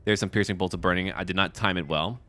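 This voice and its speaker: A man giving excited live commentary over a strategy game battle, joking and talking to the enemy. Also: deep voice, quick pace, no echo. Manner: excitable, talks to enemy units and jokes. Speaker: gaming YouTuber.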